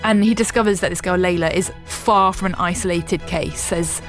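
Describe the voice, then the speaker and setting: A woman's voice: fairly low pitch, moderate pace, faint music behind. A young woman co-hosting a radio show, talking in a chatty, enthusiastic way with frequent laughter. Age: young adult. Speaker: radio co-host. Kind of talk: casual radio chat.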